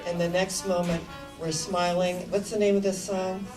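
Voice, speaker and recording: A woman minister preaches an animated, affirming sermon, often putting questions to the congregation. Her voice sits low for a woman and sounds distant from the mic. Music plays clearly behind her in the church. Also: moderate pace. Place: church sanctuary. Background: music playing.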